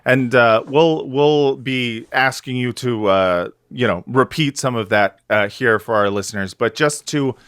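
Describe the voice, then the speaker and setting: A man with a mid-range voice hosts a casual podcast, speaking haltingly with many fillers and restarts and frequent laughter. The sound is dry and close, with no room around it. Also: mid-range voice, fairly bright tone, smooth, dry recording. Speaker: podcast host.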